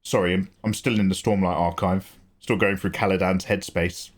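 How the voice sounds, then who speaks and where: An English man hosting a livestream, talking casually in an animated, chatty way, swearing and laughing easily. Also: sits low, normal speed. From England. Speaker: livestream host.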